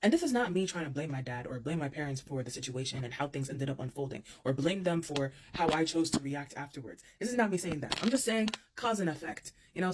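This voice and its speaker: A young woman casually telling a personal story to camera, expressive and repeating phrases for emphasis. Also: deep voice, background noise.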